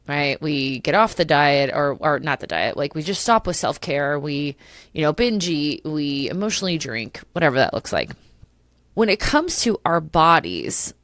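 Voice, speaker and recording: A woman's voice: low-pitched, a bit bright, no echo. A middle-aged woman hosting a solo podcast, talking passionately and emotionally with many restarts. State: tearful at times. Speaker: podcast host.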